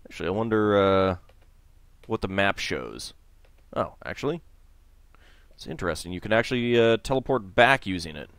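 A man's voice: on the low side, animated, moderate pace, pauses often, fairly bright tone, clean tone, no echo. A man hosting a casual let's play, rambling and hesitant as he comments on the game. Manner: rambling, hesitant, lots of fillers.

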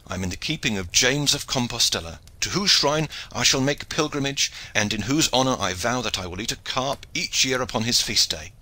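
A man's voice: mid-range voice, lively intonation, a little fast, few pauses, bright, forceful tone. A man reading an audiobook, voicing a portly, blustering male knight who complains wrathfully. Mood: hasty.

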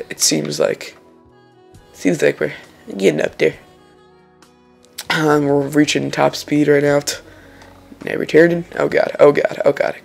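A young man giving casual, excitable let's-play commentary over a racing game, swearing and exclaiming when he makes mistakes. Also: fairly high pitch, vocal fry. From Lithuania. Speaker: gaming channel host.

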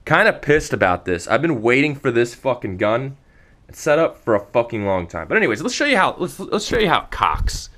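A man's voice: medium pitch, very animated, fairly quick, pushed and bright. Frustrated, profane young man ranting. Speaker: vlogger. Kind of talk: casual ranting vlog.

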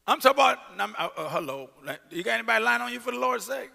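A male pastor preaches in a church sanctuary, his voice set high and swinging widely in pitch. The tone is bright and gravelly, and he shouts scripture between casual asides. A long hall reverb trails each phrase. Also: sing-song, very fast, few pauses. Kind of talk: sermon.

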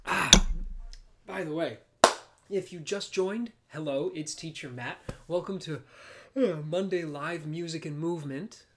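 A playful male preschool music teacher leads a live-streamed music and movement class for kids. His voice is a little high and a little slow over a noisy background; he laughs often, sounds apologetic at times, and drops into soft whispers.

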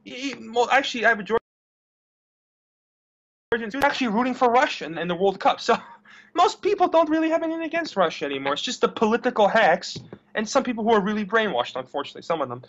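A man's voice: extremely high pitch, big pitch swings, fast, fairly bright tone. A young man in a casual interview, rambling and blunt, who swears and repeats his words. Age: young adult. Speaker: interview guest. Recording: dull lo-fi recording.

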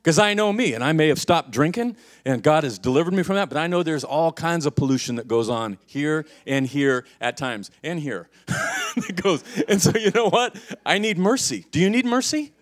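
A middle-aged male pastor preaching a sermon, telling stories in casual slang and swinging from hushed to loud. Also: a little high, animated, moderate pace. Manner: casual slang, says "man" often.

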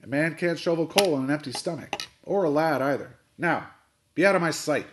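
A man voicing a gruff old sea captain who bellows orders and roars at everyone. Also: fairly high pitch, brisk, noisy background, voice pushed up, lightly acted. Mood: blustering. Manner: roaring, barking orders.

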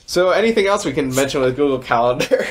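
A man's voice: fairly high pitch, expressive, quick pace, slight background noise. A young man hosting a podcast in casual chat, joking and wandering off on tangents. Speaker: podcast host.

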